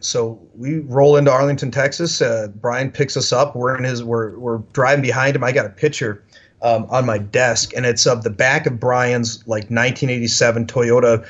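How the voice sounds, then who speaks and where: Brief: husky male guest, animated storyteller, heavy on filler words, dull lo-fi audio. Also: mid-range voice, moderate pace. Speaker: podcast guest. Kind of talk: casual storytelling.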